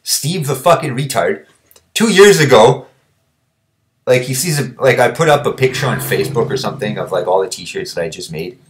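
A man's voice: medium pitch, animated, normal speed, slight background noise. A young man vlogging, ranting bluntly and combatively, swearing constantly. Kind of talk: profane ranting monologue.

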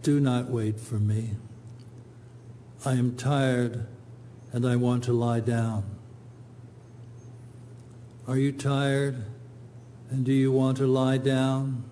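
Brief: male poet at a reading, low-key dark tone, flat measured delivery. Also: a little hiss or hum. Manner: slow, measured, even recitation. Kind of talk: poetry reading.

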